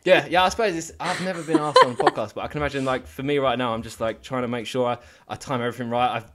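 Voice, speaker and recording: A man's voice: medium pitch, very fast, pushed and bright, slight background noise. A man hosting a podcast interview, chatty and laughing often, often trailing off and restarting his sentences. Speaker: podcast host. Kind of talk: casual interview.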